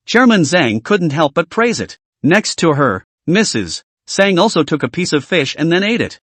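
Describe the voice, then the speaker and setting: Lively man narrating a comic recap. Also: fairly high pitch, normal speed, hardly any pauses, no echo. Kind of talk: scripted story narration.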